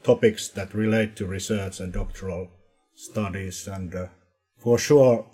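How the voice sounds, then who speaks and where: Man, seminar chair, low husky voice, hesitant opening remarks, seminar room. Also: steady tone, measured pace, warm tone. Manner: hesitant, with many restarts.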